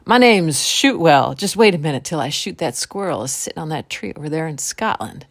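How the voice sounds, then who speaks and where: A woman's voice: low voice, lively intonation, a little fast, dry recording. Woman doing cocky backwoods rifleman. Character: sharpshooting country rifleman, cocky.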